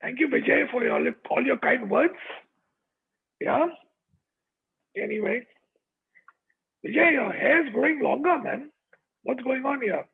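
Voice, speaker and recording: Raspy, high-voiced man on a tinny call. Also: expressive, measured pace, long pauses. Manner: chatty, checks in with the audience. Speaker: motivational speaker. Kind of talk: motivational talk. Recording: tinny online call audio.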